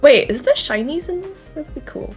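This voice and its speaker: A woman's voice: sits high, moderate pace, soft background music. A young woman chatting casually as an interview guest on a voice call, laughing often and swearing now and then. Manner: giggly, swearing, lively. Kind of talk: casual online chat.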